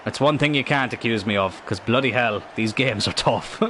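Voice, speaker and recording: A man's voice: medium pitch, moderate pace, sharp tone, a little hiss or hum. A young man with a Cork Irish accent, chatting casually while streaming a football game and correcting himself as he goes. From Ireland. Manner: rambling, self-correcting. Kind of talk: casual gaming stream chat.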